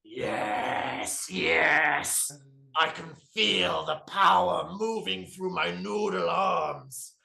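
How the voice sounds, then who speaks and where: A man voicing a melodramatic ramen packet that becomes a superhero, making grandiose, booming declarations. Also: extremely slow, creaky, sharp tone, roomy sound, full character voice.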